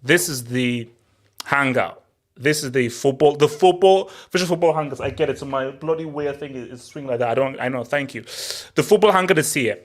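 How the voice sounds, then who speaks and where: A man's voice: medium pitch, a little fast, fairly bright tone. Brash ranting man hosting a football show. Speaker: show host. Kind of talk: casual football talk show.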